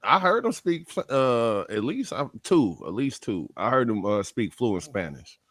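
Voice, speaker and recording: A man's voice: medium pitch, big pitch swings, unhurried, dry recording, studio quality. Laid-back man bantering on a podcast. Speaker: podcast co-host. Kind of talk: casual chat.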